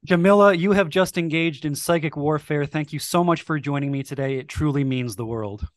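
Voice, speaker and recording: A man hosting a podcast, asking prepared interview questions in a measured way and reading a closing outro. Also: a little high, no room sound, studio quality. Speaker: podcast host.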